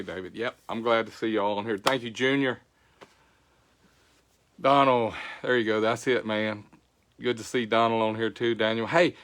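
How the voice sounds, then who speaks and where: A man's voice: on the low side, fairly bright tone. An older man hosting a casual livestream, folksy, greeting viewers by name. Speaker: show host. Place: home.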